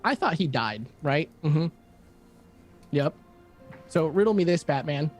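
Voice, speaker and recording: A chatty male god in duck form, played by a man, rattling on fast and casual like he's on the phone with an old boss. His voice sits a bit high for a man, and faint music plays underneath. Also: expressive. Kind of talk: in-character tabletop role-play.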